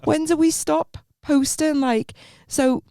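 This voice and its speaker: A woman's voice: sits high, fairly even intonation, takes it slowly, vocal fry, warm tone. A young woman, co-hosting a podcast in a giggly, chatty way. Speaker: podcast co-host. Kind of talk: casual chat.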